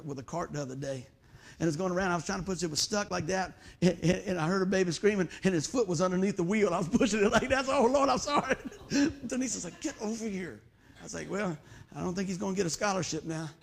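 Man pastor, middle-aged, folksy conversational sermon, high gravelly voice. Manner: folksy, storytelling, confiding asides. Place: church.

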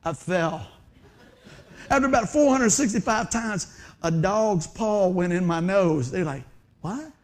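High-voiced pastor, laughing and whooping. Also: male voice, unhurried. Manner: animated, laughing often, with high excited whoops. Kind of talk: humorous storytelling sermon. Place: church sanctuary before a congregation.

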